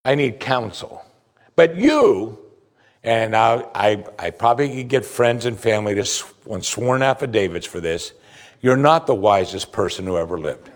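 A man preaching a sermon as pastor, animated, acting out the voices he quotes. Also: medium pitch. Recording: hall reverb.

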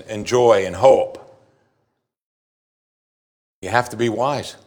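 A man, the pastor, preaching a sermon with emphatic declarations and quiet asides. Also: medium pitch.

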